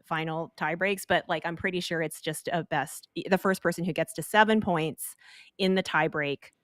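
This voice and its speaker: A woman's voice: lowish voice, steady tone, moderate pace, fairly bright tone, dry recording, clean studio sound. A woman in a casual film discussion, explaining what happens in a match at length, with many fillers and restarts. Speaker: guest film commentator.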